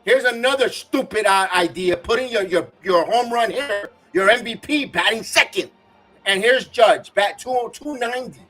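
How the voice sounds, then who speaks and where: A man's voice: sits high, lively intonation, normal speed, a bit bright, soft background music. A man hosting a live baseball watch-along, ranting and cursing as an irate fan giving game reaction commentary.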